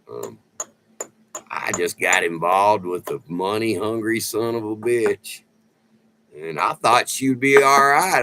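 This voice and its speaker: Drawling man, low voice, swearing freely. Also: noisy background. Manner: loose and profane, drawn-out storytelling with lots of "man". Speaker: vlogger. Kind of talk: casual rambling chat.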